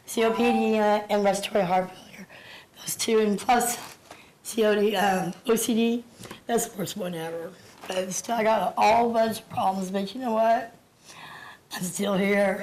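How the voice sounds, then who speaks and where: A woman in her fifties speaks at a city council meeting. She is audibly out of breath, and her talk is emotional and halting, with words often repeated. Her voice sits at a middle pitch. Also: fairly even intonation, a little mellow, slight background noise, rough recording. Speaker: public commenter. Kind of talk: public comment at a council meeting.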